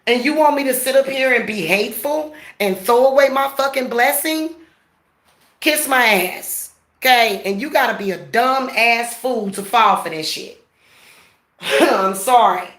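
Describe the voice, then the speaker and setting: A woman's voice: a little high, lively intonation, a little slow, fairly bright tone, roomy sound. Blunt, profane woman ranting at home. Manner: blunt, profane, laughing, talks straight to viewers. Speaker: spiritual practitioner vlogger. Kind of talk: casual ranting vlog.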